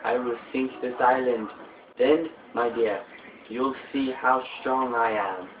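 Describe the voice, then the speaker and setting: A young man voicing a lovesick, boastful villainous male baboon doctor from a game, in a slow, drawn-out, pompous way, recorded with tinny phone-like audio. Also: mid-range voice, steady tone, reverberant, recorded from a distance, noisy background, natural voice. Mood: lovesick menacing.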